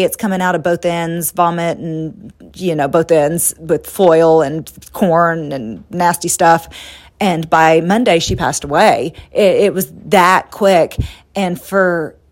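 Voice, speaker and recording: Middle-aged woman from the US telling her own stories on her podcast, candid and animated, acts out the quotes. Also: lowish voice. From United States. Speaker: podcast host. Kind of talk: personal storytelling monologue.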